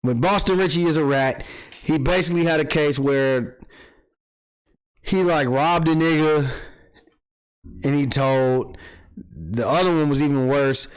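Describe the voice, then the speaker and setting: A man hosting a casual livestream, telling street gossip in an animated, profane style and acting out quotes. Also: on the high side, measured pace, long pauses, smooth, poor audio. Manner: animated storytelling, acts out quotes, swears freely. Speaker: podcast host.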